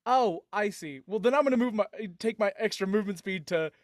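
A man's voice: high voice, brisk, no room sound, clean studio sound. A man playing a tabletop game, hesitant and full of restarts and laughs. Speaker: player. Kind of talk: casual tabletop play.

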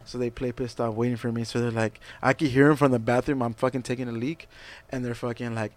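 A man's voice: medium pitch, fast talker, no echo. A man telling a stage story in casual chat, swearing a lot and acting out the people in it. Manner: profane, animated storyteller. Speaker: musician guest.

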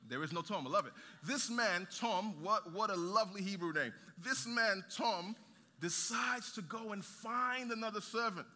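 Bright-voiced man preaching in a hall. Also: high-pitched, normal speed. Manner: lively preaching with rhetorical questions and humor. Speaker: pastor. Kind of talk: sermon. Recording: reverberant hall.

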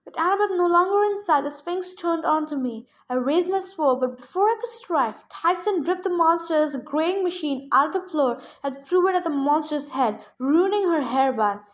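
A woman reading a novel aloud in first person, with steady storytelling. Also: very high voice, normal speed, few pauses. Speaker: reader.

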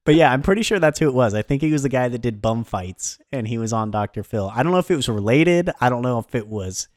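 A man's voice: medium pitch, animated, fast talker, dry recording, studio quality. A man co-hosting a podcast, telling stories in a laid-back, profane way. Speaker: podcast co-host. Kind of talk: casual podcast chat.

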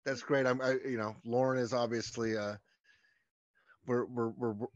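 A man's voice: mid-range voice, flat delivery, normal speed, no room sound, dull audio. A man from North Carolina co-hosting a podcast, talking casually in an enthusiastic, rambling way. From North Carolina, USA. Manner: rambling, enthusiastic, many restarts. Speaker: podcast co-host. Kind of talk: casual chat.

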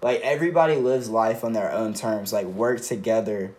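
A man's voice: lowish voice, moderate pace, darkish tone. A young man co-hosting a casual chat, speaking earnestly and reflectively with many "like"s. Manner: earnest, reflective, filler-heavy. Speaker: podcast co-host.

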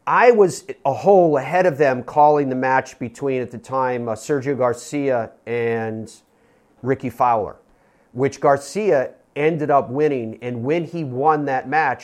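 A man's voice: mid-range voice, a little mellow. Rambling male golf radio host. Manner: rambling, self-correcting, reels off names. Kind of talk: casual sports radio talk.

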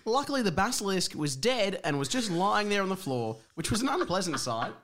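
A podcast co-host with a lively, bouncing pitch, chatting casually and reading a story aloud. The delivery is giggly, with lines read out and then riffed on. The pitch sits in a middle register. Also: a little fast.

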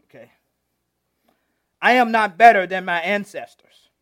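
A man's voice: high-pitched, unhurried, fairly bright tone, no room sound, studio quality. A male pastor giving a conversational, interactive sermon, teasing members of the congregation and retelling scripture.

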